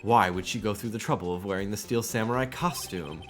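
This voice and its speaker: An earnest young defense lawyer lays out his reasoning and pleads his case, read by a man. The voice is fairly low, close to a plain speaking voice. It is a video game character voiced on a stream. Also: fairly quick, soft background music, close to an everyday voice.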